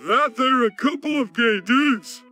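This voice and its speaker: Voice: high voice, measured pace, bright, forceful tone, faint music behind. An AI voice clone doing a friendly, dim male cartoon starfish with a goofy voice and an upbeat, supportive manner. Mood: gossipy.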